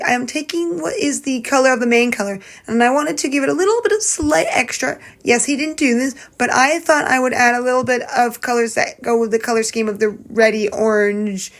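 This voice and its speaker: A woman's voice: sits high, fairly quick, a bit bright, poor audio. A woman chatting casually as she does her nail art, rambling and correcting herself while she works. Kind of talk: casual tutorial narration.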